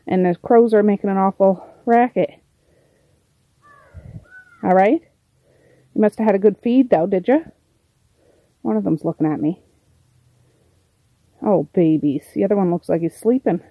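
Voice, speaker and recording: A woman's voice: mid-range voice, a little slow, long pauses, warm tone, low-quality recording. A middle-aged woman chatting casually through her day in a vlog, rambling to the camera and talking to her pets and birds. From Nova Scotia, Canada. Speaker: vlogger.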